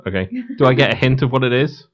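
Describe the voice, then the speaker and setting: A man's voice: mid-range voice, fast. A man co-hosting a casual talk radio show, joking and teasing. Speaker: co-host.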